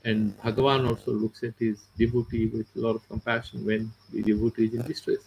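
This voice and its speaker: A man's voice: lowish voice, flat delivery, fairly quick, creaky, darkish tone, slight background noise, rough recording. A man with an Indian English accent teaching philosophy, explaining verses with everyday examples and mixing in Sanskrit and Hindi. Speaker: Vedanta teacher. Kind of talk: philosophy lecture.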